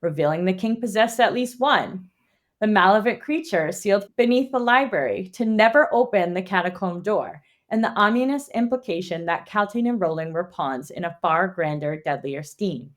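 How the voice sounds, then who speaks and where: A woman's voice: medium pitch, normal speed. Woman co-hosting a book podcast. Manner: animated, swears, laughs often. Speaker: podcast co-host. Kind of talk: read summary and casual book chat.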